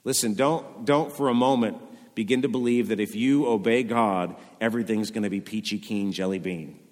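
A man's voice: lowish voice, normal speed. A man preaching a sermon in a casual, conversational way, acting out people's inner questions with rising emphasis. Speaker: pastor. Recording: long reverb of a large hall.

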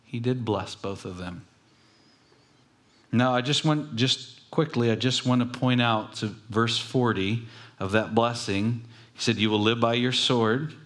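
A man's voice: medium pitch, measured pace, fairly bright tone. A man preaching a sermon in a casual storytelling style, with joking asides. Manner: conversational, jokey asides.

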